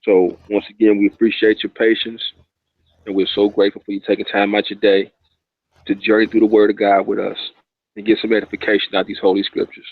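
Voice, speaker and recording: A man co-hosting a Bible study, reading scripture slowly and measured, then closing the show in relaxed talk. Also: lowish voice, no room sound. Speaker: co-host and scripture reader. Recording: tinny phone line.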